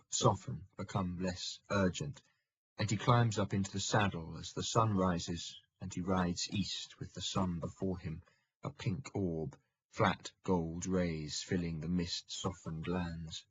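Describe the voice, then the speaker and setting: A man reading a historical novel aloud in steady, measured audiobook narration. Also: low voice, highs cut off, slight background noise.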